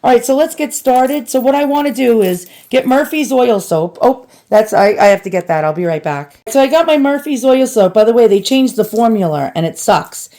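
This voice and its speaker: Cleaning an antique at home, this woman restoration vlogger talks nonstop to her viewers in a New York accent, poking fun at herself. Her slightly high, mellow voice is expressive, at normal speed with hardly any pauses.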